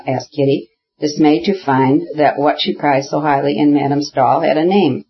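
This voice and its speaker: A man narrating a classic novel as an audiobook in a measured, even manner. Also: a little high. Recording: dull lo-fi audiobook recording.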